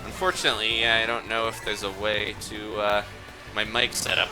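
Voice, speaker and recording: A man's voice: lowish voice, little pitch movement, brisk, over music. A man casually chatting and rambling while hosting a live gameplay stream, laughing often. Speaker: gaming streamer host.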